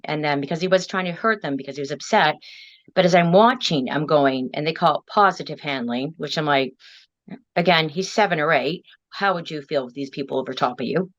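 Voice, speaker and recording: A woman telling an emotional personal story as an interview guest, rambling and circling back on herself as she talks. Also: deep voice. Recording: dull lo-fi audio.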